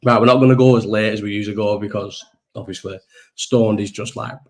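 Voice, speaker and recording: A man's voice: on the low side, fairly even intonation, fairly quick, a little mellow. A young man hosting a casual live-stream chat, rambling through stories with lots of swearing and frequent laughter.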